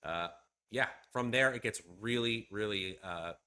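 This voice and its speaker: A man analysing fantasy football matchups in a measured, casual way, with fillers here and there. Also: on the low side, sharp tone. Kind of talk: casual sports analysis chat.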